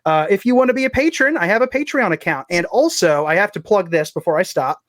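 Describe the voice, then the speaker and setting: High-voiced guy rambling on a podcast, plugging his stuff, dry close sound. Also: lively intonation, fast talker, a bit bright, no room sound. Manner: rambling, self-deprecating, many restarts. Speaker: guest, fiction writer. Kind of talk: casual podcast chat.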